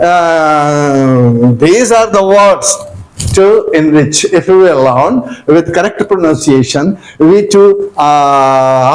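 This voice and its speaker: A man's voice: a little high, a little mellow, poor audio. A man teaching pronunciation, spelling out letters, repeating each word and often saying "okay, dear". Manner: slow and deliberate, spells out letters and repeats words. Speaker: English teacher. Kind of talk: pronunciation lesson.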